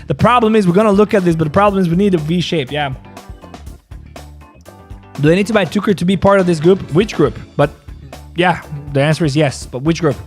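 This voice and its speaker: A man hosting a trading livestream, chatting loosely and joking between chart talk, often repeating himself. His voice sits a little high for a man. Faint music plays underneath. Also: a little fast, long pauses. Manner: joking, laughing, repeats phrases. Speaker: crypto trading stream host. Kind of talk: casual livestream chat and market analysis.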